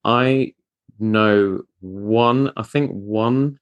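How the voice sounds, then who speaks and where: A man hosting a podcast interview, chatty and self-deprecating with quick asides. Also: lowish voice, clear, resonant tone, no echo, highs cut off. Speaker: podcast host. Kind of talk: casual interview chat.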